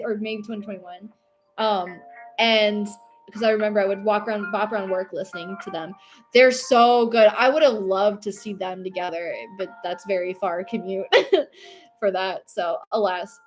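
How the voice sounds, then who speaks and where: A woman's voice: a little high, fairly bright tone. Chatty, giggly American woman streamer. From United States. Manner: chatty, giggly, reads and answers chat while painting. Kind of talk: casual livestream chat.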